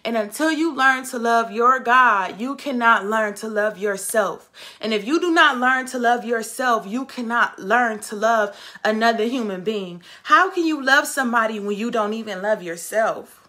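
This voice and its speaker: A woman's voice: on the high side, normal speed, sharp tone. A woman vlogging to camera about self-love, talking in an emphatic, repetitive way and calling her viewers "baby" and "ladies". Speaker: vlogger and travel nurse. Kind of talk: casual motivational talk to camera.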